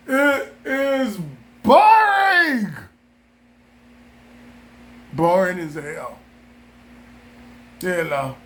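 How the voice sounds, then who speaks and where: Male vlogger from Southern California, high-pitched and unhurried, loose comic riffing style. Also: creaky. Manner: animated, joking, repeats himself. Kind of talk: casual rambling monologue.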